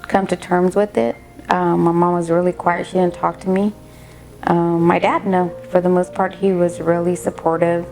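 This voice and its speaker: Low, mellow-voiced woman recalling her past. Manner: reflective, candid, halting with fillers. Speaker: interviewee, mother recalling teen pregnancy. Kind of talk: documentary interview.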